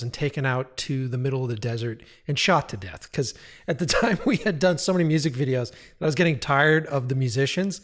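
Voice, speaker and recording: A man in his thirties, a director guest on a podcast, telling stories casually, laughing often and swearing freely. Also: mid-range voice. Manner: profane, animated, laughs while telling stories. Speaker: music video director guest.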